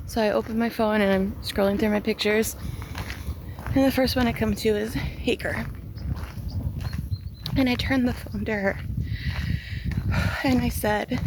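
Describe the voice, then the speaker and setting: A young woman with a fairly high voice shares a personal story slowly and haltingly, at times near tears. She is recorded outdoors on a walking trail with steady noise behind her. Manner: slow, halting, tearful at times. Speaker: vlogger.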